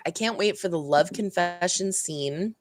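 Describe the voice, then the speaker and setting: A woman's voice: lowish voice, a little slow. A young woman hosting a reaction channel, chatting casually and rambling about a TV episode, laughing often and acting out heated lines.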